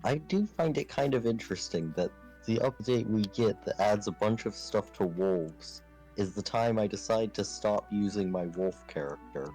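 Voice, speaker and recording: A man in a casual gaming chat, speaking with dry, deadpan quips. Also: lowish voice, moderate pace, faint music behind, poor audio. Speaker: friend on game server.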